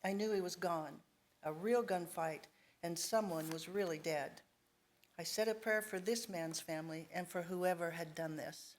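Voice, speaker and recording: A woman tells her testimony at a church service. Her voice sits on the lower side, and she recounts events in a steady, sober way. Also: normal speed. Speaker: church member giving testimony. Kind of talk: personal testimony.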